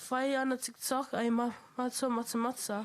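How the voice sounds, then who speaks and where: A high-pitched young woman speaks at a family funeral service in a chapel. She is emotional and close to tears as she delivers her eulogy, and she stumbles and restarts her words. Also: level tone. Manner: halting, stumbling over words. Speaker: eldest daughter giving a eulogy.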